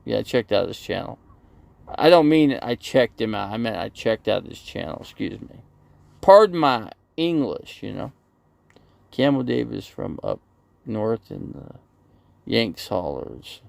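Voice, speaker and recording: A man's voice: on the low side, sing-song, unhurried, creaky, a little mellow, no echo. A man on a casual live stream, rambling as he reads viewer comments aloud and answers them, outdoors near a busy road. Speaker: RV channel livestreamer.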